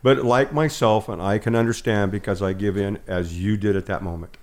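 A man with a fairly low voice talks with his son in an easy, relaxed way. He adds dry jokes and admits his own part in the family stories. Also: a little fast. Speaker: guest, the host's father. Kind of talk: casual chat.

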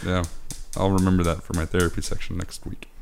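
A man's voice: deep voice, flat delivery, fairly quick, vocal fry, a little mellow, slight background noise. A man hosting a podcast with his father, telling family stories with lots of swearing and laughter. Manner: profane, laughing storyteller. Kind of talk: casual chat, family storytelling.

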